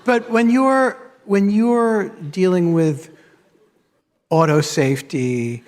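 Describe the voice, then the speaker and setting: Interviewer on a live stage, slightly higher voice, questions drift through a long echoing hall. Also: male voice, slow. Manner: probing questions, hesitant, dry jokes. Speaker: interviewer, magazine editor.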